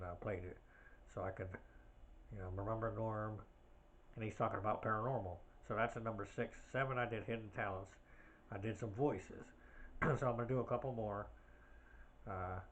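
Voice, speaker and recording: A man's voice: fairly low pitch, steady tone, moderate pace, slight background noise. A man hosting his own podcast in a casual, rambling way, full of fillers and side tangents. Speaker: podcast host. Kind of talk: casual solo podcast chat.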